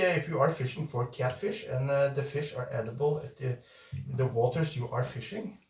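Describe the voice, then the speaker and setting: Slow, hesitant male streamer. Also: medium pitch. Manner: hesitant, many uh fillers and restarts, playful. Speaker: streamer reading viewer messages. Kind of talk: casual live-stream chat. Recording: roomy echo, distant mic.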